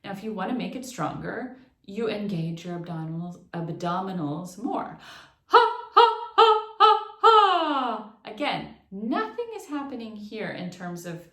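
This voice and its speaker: A woman teaching an online singing lesson, explaining technique and breaking into short sung demonstrations. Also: fairly low pitch. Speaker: vocal instructor. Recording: echoey room.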